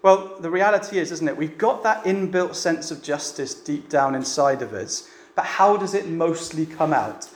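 A man's voice: a little high, lively intonation, moderate pace. A man preaching a sermon to a church meeting in a chatty way, often asking the room rhetorical questions. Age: adult with a family. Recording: echoey room with faint ambience.

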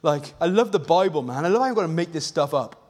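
A man preaching a passionate sermon, swinging between fervent, near-shouted emphasis and hushed intensity. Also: a little high, lively intonation, fast. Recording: long reverb of a large hall.

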